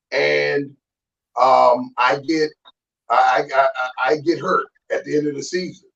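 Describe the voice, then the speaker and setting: A man in his fifties, a guest telling his own story in a relaxed, animated way, acting out what others said. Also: mid-range voice, slow, vocal fry. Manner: animated, acts out quoted voices. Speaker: guest, former football player. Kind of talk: casual storytelling. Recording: distant, dull remote audio.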